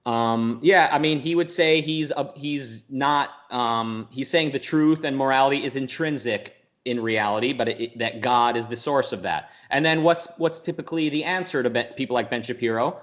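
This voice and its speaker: A man as an interview guest, talking in a rambling, animated way, full of restarts and quick jumps into mock voices. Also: medium pitch. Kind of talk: casual conversational interview.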